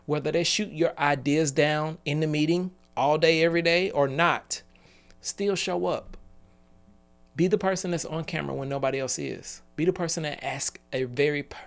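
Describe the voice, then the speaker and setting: A man's voice: a little high, creaky. A man in his forties giving an earnest motivational talk on a live call, telling stories and laughing between points. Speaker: business speaker.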